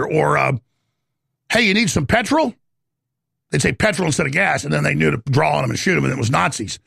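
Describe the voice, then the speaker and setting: A man's voice: a little high, creaky, pushed and bright, slightly rough, no room sound, studio quality. A middle-aged man hosting a talk show, ranting in a rambling, heated monologue.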